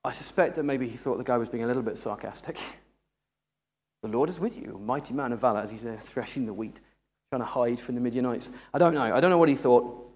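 A man's voice: mid-range voice, brisk, a little mellow. A man preaching a sermon in a humorous, conversational way. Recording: echoey hall.

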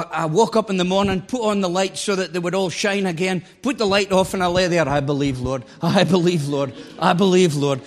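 A man in his sixties preaching a sermon as pastor, animated and exclamatory, often breaking into laughter. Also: high voice. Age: 60s. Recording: long echoing hall reverb.

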